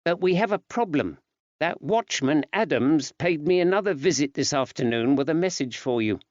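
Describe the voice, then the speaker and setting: A man's voice: a little high, lively intonation, normal speed, a little mellow, no room sound, pitched above the performer's own voice, natural voice. A man lifts his voice into a fond, fretful wife from an old-time storybook, earnest and chatty, her tone rising and falling a lot. The recording is dry and a little dull.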